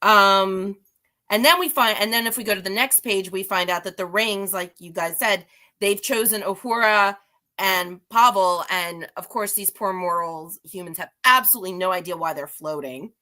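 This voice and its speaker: Her mid-range voice sounds pushed and bright at a moderate pace. She's a guest reviewer chatting loosely through a comic-book recap, poking fun at herself and restarting often.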